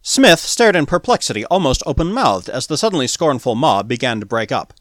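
A man narrating a pulp science fiction story as an audiobook in a dramatic, animated reading. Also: medium pitch, a little fast, dry recording, studio quality.

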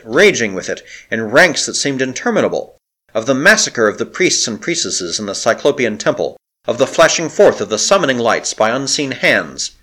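Expressive male storybook narrator. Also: medium pitch. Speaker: audiobook narrator. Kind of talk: scripted narration of a novel.

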